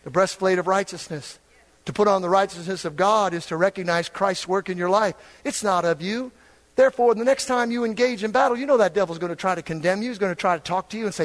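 An older man preaching a fiery sermon, dropping low and then building to shouts. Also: fast talker. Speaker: pastor.

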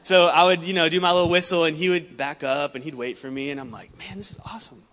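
A young man preaching a sermon, telling a personal story in a casual, animated way and laughing often. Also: on the high side, fast. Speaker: pastor. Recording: long hall reverb.

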